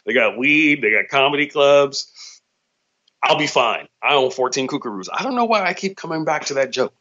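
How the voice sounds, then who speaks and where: A man's voice: medium pitch, lively intonation, normal speed, sharp tone. A man talks in a loose, profane comedic monologue, riffing from one thought to the next as the host of his own show. His middling voice comes through a slightly dull, lo-fi recording.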